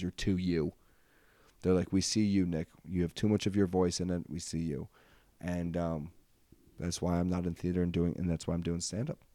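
A man's voice: low-pitched, dark tone, no echo. A man in his twenties hosting a solo podcast, talking casually and rambling with lots of ums and uhs. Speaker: podcast host.

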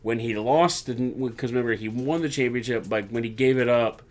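Guy recapping wrestling on a podcast, animated storyteller, normal mid pitch. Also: moderate pace. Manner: animated storyteller who acts out quotes. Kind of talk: casual wrestling recap chat.

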